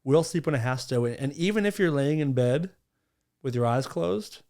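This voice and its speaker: A man's voice: a little high, animated, normal speed, darkish tone. Laid-back man, just recovering from illness. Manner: laid-back, swears casually, gives advice. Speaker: podcast co-host. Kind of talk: casual chat.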